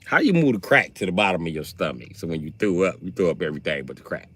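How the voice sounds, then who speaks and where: A man tells wild comic stories on a livestream. His voice is bright and forceful, swings widely in pitch, and jumps into high shouted character voices. He sounds loose and animated. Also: fast talker. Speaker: livestream host. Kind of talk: comedic storytelling on a livestream.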